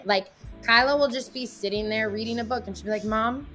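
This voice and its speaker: A woman's voice: medium pitch, fairly even intonation, fairly quick, a bit bright. Woman guest, casual interview chat, rambling and heartfelt, faint music underneath. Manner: emotional, rambling, heavy use of "like" and "you know". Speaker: guest, athlete and mother. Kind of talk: candid conversational interview.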